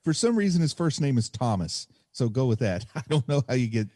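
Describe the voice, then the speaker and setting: A man talking movies on a podcast, sharing trivia with a lively, rising and falling delivery. His pitch sits in the middle range. The recording is dry and close. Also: brisk, no room sound. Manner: chatty, trivia-sharing, laughs easily. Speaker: podcast co-host. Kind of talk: casual movie podcast chat.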